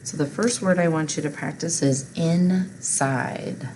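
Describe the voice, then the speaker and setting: A woman's voice: low voice, unhurried, darkish tone, a little hiss or hum, rough recording. A woman teacher patiently walking learners through a recorded reading lesson step by step.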